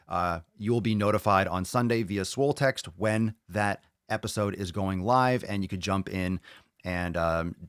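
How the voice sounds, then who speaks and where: Brief: male podcast host, lowish voice, dry close sound, profane and hyped. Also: clean tone, no room sound. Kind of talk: casual live podcast chat.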